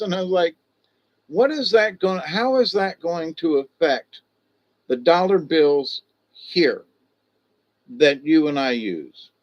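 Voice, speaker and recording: A man's voice: on the high side, animated, takes it slowly, pauses often, lo-fi sound. A man hosting a casual livestream, rambling in a loose, folksy way and greeting viewers by name. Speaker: livestream host.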